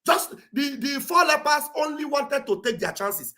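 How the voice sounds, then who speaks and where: A man speaking Nigerian English mixed with Pidgin, giving a loud, preachy livestream address with a booming voice and shouted exhortations. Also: lively intonation, normal speed. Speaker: livestream commentator. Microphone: streaming setup mic.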